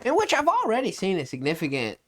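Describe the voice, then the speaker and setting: A man co-hosting a casual podcast, laid-back and quick to laugh. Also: sits high, huge pitch swings. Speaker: podcast co-host.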